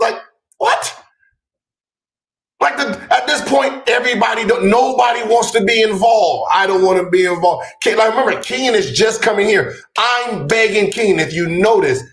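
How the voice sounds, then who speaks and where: Animated man in an echoey room. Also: high-pitched. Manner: animated, profane, rising to shouts. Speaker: podcast host. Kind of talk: heated casual conversation.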